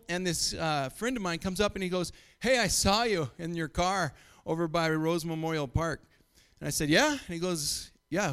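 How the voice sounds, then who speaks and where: A man's voice: sits high, fairly bright tone. A middle-aged man from Montana preaching a sermon, telling stories and chuckling often. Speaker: pastor.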